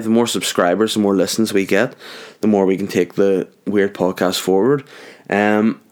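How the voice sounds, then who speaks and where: Low-voiced man rambling through a solo podcast. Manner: jokey, rambling, goes off on tangents. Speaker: podcast host. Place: home garage.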